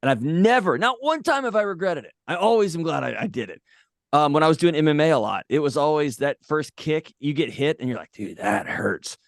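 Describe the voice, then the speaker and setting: Appearing as a podcast guest, a mental health author speaks in a fairly high, very animated voice at a fairly quick clip. He hands out blunt, emphatic advice in a casual tone. The studio-quality audio has no echo.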